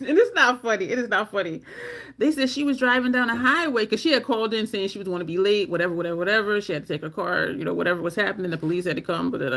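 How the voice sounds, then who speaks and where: A middle-aged woman telling personal stories casually, laughing often and mimicking others in a squeaky voice. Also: animated, a little fast, a bit bright. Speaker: storytelling vlogger.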